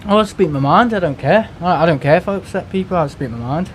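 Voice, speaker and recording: A man's voice: a little high, lively intonation, fairly quick, slight background noise. A man, chatting casually during a live stream, rambling and exasperated, restarting words and swearing freely. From United Kingdom. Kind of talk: casual ranting chat.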